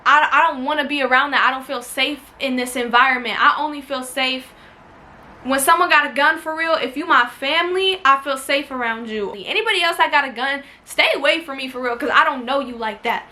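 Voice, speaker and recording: A woman's voice: high voice, fairly quick. A woman telling a story to camera at home, talking casually with lots of slang and swearing, acting out what people said. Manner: animated, slangy, swears freely, acts out quotes. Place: indoors at home near a window.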